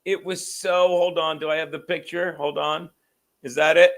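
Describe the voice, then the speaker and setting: A man's voice: on the high side, level tone, normal speed, a bit bright. A man hosting a podcast, rambling and swearing casually, laughing often. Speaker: podcast host. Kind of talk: casual chat.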